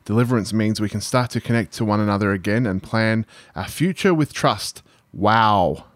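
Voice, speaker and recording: A man's voice: lowish voice, a little fast, dry recording. A man with an Australian accent co-hosting a podcast in easygoing, matey banter. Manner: laid-back, matey banter. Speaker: podcast co-host. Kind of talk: casual chat.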